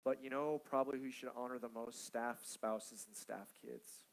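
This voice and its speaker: A man's voice: medium pitch, fairly even intonation, moderate pace, rough recording. A man in his thirties, a pastor preaching to church staff in a casual, storytelling way, often tossing in "like" and "okay?". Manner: conversational, storytelling, frequent "like" and "okay?".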